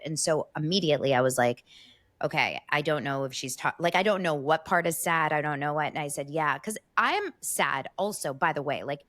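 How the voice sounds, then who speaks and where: A woman co-hosting a podcast in casual chat, rambling and halting with frequent restarts. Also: sits low, fairly bright tone. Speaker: podcast co-host.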